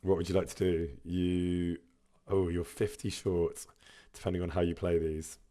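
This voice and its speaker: A man talks casually to his live-stream viewers, reading out chat messages with frequent laughter. His voice sits slightly low. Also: little pitch movement, moderate pace, warm tone. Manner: chatty, laughs often, reads out chat messages.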